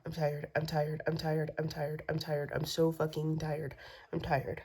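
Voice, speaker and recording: Vlogger, woman, low dark voice, profane rambling rant that slips into whispers. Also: completely flat delivery, measured pace, slightly rough. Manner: profane, repetitive venting, drops to whispers.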